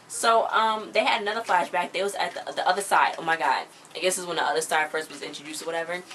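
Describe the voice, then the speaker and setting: A woman's voice: deep voice, fast talker, hardly any pauses, sharp tone, slight background noise. A woman casually recapping a TV episode, chatting and retelling scenes with lots of "like" and "you know.". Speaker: TV episode reviewer.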